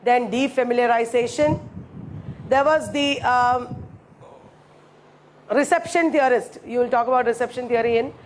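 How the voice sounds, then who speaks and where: A woman teaches a class in a high, light voice. She repeats her key phrases slowly and stops to check that students follow. A faint hiss sits under the recording. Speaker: lecturer. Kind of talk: classroom lecture.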